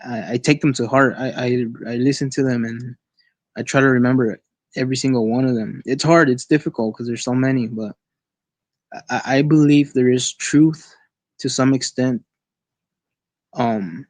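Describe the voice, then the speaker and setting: A man sharing a personal experience as a guest on an online call, in a casual, halting way with many restarts and repeated words. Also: mid-range voice, dry recording.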